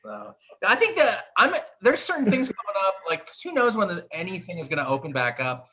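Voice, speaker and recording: Male comedian guest, lively animated delivery, crude self-mocking jokes. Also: high voice, fairly quick, slight background noise. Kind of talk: stand-up bits on a live show.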